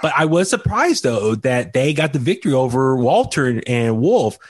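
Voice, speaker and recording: A man's voice: medium pitch, sing-song, moderate pace, no room sound, studio quality. A man hosting a casual podcast recap, talking loosely with lots of fillers and restarts. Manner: chatty, many fillers and restarts. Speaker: podcast host. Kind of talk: casual wrestling recap chat.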